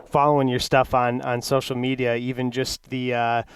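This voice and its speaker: A man's voice: medium pitch, little pitch movement, normal speed, a little hiss or hum. A man from the Upper Midwest hosting a podcast, chatting enthusiastically with lots of fillers. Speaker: podcast host. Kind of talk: casual interview talk.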